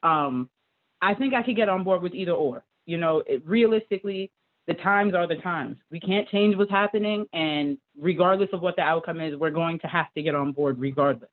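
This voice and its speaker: Hesitant parent on a tinny call. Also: female voice, fairly low pitch, brisk. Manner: hesitant, many fillers. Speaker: parent at a board meeting. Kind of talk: public comment on a call. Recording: tinny phone-like call audio.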